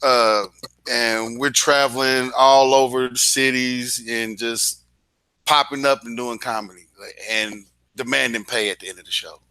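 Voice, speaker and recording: A man from Dayton, Ohio, a stand-up comedian telling a joke story with animated delivery and acted-out voices. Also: mid-range voice, unhurried, smooth, dry recording.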